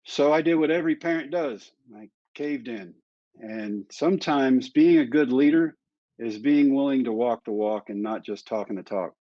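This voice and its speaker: Lively storytelling man in his fifties. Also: mid-range voice, moderate pace, dry recording. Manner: lively storyteller, acts out dialogue. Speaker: interview guest. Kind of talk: candid storytelling in conversation. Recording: dry, slightly dull sound.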